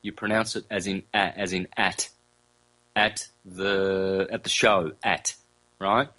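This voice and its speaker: A man with a fairly low voice holds forth as an interview guest. He explains in a relaxed, rambling way, circling back to repeat phrases. He slows down to sound out single vowels, with casual fillers and self-corrections along the way. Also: low-quality recording.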